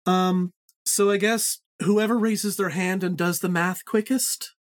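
A woman's voice: on the low side, fairly even intonation, unhurried. A woman hosting a podcast book quiz, playful, handing out points. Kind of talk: casual podcast chat.

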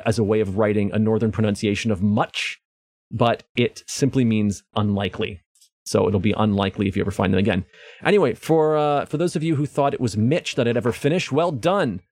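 A man's voice: medium pitch, a little fast, a little mellow, no echo. A man from Canada hosting a podcast, musing casually about old dialect words with frequent ums and uhs. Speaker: podcast host. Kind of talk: casual book discussion.

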